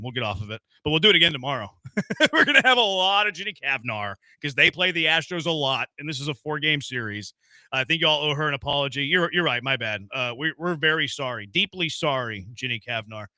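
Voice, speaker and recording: A man's voice: medium pitch, bright, forceful tone, no echo. A man hosting a sports radio show, joking around in playful, casual banter with his co-host. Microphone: studio microphone.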